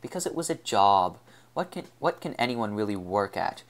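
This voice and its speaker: A man's voice: lowish voice, big pitch swings, moderate pace. A man reading the part of a troubled young woman in an audiobook, with a trembling, scornful delivery. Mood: bitter.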